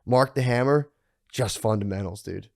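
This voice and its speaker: A young man co-hosting a podcast, telling profane, animated stories in casual chat and bursting into laughter. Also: mid-range voice, normal speed, creaky. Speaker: podcast co-host.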